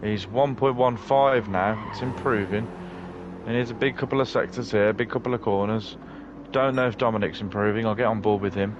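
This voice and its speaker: A man's voice: on the low side, brisk, lo-fi sound, noisy background. A British man co-commentating a sim race with joking, teasing banter.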